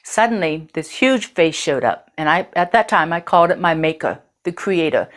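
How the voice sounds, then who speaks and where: A woman's voice: lowish voice, lively intonation, normal speed. A woman host telling a personal story in a candid, earthy way, with casual swearing.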